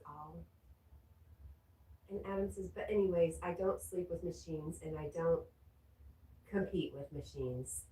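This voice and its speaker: A woman's voice: deep voice, mellow. A woman hosting a casual livestream from home, reading viewer comments aloud and chatting back. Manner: reads viewer comments aloud, breaks off to scold her dog. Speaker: livestream host reading chat. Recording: roomy echo, distant from the mic, faint ambient noise.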